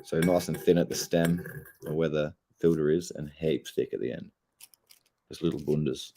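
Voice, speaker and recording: A man's voice: extremely low pitch, normal speed, dark tone, slight background noise. A young Australian man, stoned and laid-back, rambling and swearing heavily in a casual livestream chat. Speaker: streamer.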